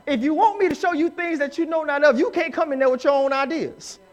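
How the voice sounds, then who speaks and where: High-voiced emphatic man preaching. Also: fast. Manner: emphatic preaching, rising to shouts, acts out quoted people. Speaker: pastor. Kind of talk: live sermon. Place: church sanctuary.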